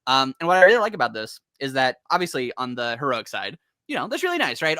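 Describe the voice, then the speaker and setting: A young man hosting a casual comics podcast, talking fast and animatedly with lots of swearing and laughter. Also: mid-range voice, big pitch swings, bright, forceful tone, dry recording, clean studio sound. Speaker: podcast host.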